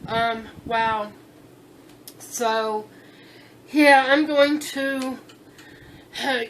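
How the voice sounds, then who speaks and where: A tipsy woman vlogging at home, talking slowly and gushing over her haul with lots of fillers. Her high, bright voice carries over a faint hum of background noise. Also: poor audio. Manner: chatty, gushing, thinks aloud with fillers and restarts. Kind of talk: casual vlog chat.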